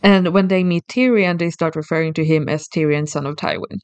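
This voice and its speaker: A podcast co-host with a clear, resonant, mid-range voice talks fairly quickly with fairly even intonation, thoughtfully explaining a subject step by step and often restarting phrases. The recording is dry, with no echo or room sound, and the chat is casual and explanatory.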